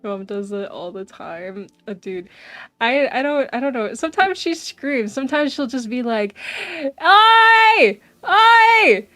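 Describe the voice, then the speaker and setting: A woman's voice: on the high side, animated, normal speed, no echo. A young woman streaming, chatting casually and animatedly with her viewers and often saying "bro". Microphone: desk mic.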